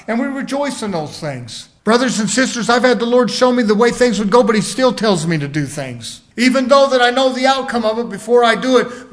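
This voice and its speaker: A man preaching a sermon in a folksy storytelling way, acting out the people he quotes. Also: high-pitched.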